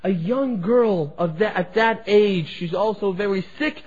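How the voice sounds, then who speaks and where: Male preacher, high voice, impassioned sermon storytelling, muffled lo-fi recording. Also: unhurried, slightly rough. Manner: impassioned, swelling and dropping in loudness. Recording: dull lo-fi recording.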